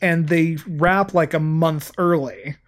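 A man's voice: a little high, fairly even intonation, slow pace. Man, podcast co-host, casual chat, rambling, lots of filler words.

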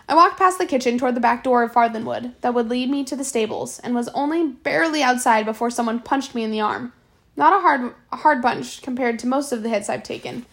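A woman reading a novel aloud, narrating in a steady storytelling way with small restarts. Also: a little high. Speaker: audiobook reader.

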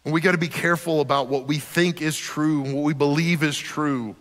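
A male pastor preaches in a somewhat high voice, earnest and conversational, often stumbling over the first word of a sentence. His voice rings out with a long reverb from a church hall. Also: fairly even intonation, a little fast, a bit bright. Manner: earnest, conversational, repeats words when starting sentences. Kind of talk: sermon.

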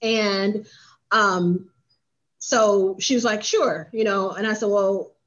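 A woman who owns a spa and coaches businesses, telling her story in an interview and lively when she acts out what others said. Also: medium pitch, takes it slowly, lo-fi sound. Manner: animated, acts out quoted voices.

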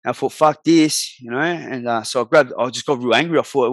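Aussie bloke in his 40s, swears a lot, blunt rough storytelling, dry close sound. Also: mid-range voice, a little fast, no room sound. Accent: Australian. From Australia. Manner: blunt, slangy and heavy with swearing. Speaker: guest telling his life story. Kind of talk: candid storytelling in a podcast interview.

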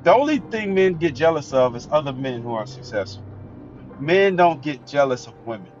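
Blunt lecturing man, fairly high voice. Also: very animated, moderate pace. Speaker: commentator. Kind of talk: opinionated solo monologue. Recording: dull lo-fi recording with faint music.

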